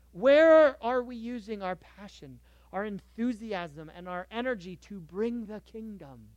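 A man preaching a sermon as a pastor, emphatic and animated, swinging from loud bursts to soft asides. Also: high-pitched, no echo.

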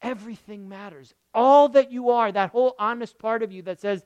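A pastor preaching a sermon emphatically, repeating key phrases and swinging between loud bursts and soft murmurs. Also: mid-range voice, fairly quick, few pauses, clear, resonant tone, dry recording.

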